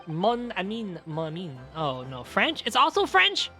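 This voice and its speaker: A woman's voice: mid-range voice, huge pitch swings, measured pace, hardly any pauses, sharp tone, soft background music. A woman streaming a video game, reading the dialogue aloud in character voices and cursing in her asides. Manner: swings between character voices and swearing asides. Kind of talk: live game playthrough with read-aloud dialogue.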